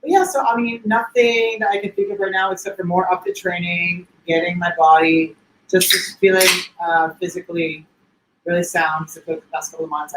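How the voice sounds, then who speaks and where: A man's voice: fairly high pitch, fairly bright tone, a little hiss or hum. A man co-hosting a casual show, telling stories in an effusive, chatty way. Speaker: co-host. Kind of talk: casual livestream chat. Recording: echoey room with faint ambience.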